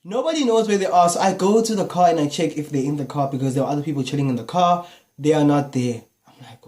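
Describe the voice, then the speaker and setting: A young man with a South African accent, telling a personal story in a casual, animated vlog style. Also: a little high. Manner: casual, animated retelling with slang fillers. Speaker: YouTuber.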